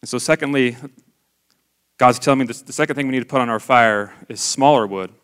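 Church speaker, man in his forties, mid-pitched and earnest, talking candidly and conversationally to a congregation. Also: fairly quick, fairly bright tone, smooth. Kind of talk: personal testimony sermon.

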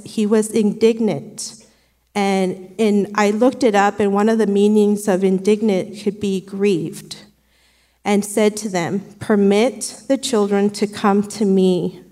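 A woman's voice: mid-range voice, mellow. Earnest woman speaking in a church hall. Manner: earnest, conversational, emotional. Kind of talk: sharing a devotional in church.

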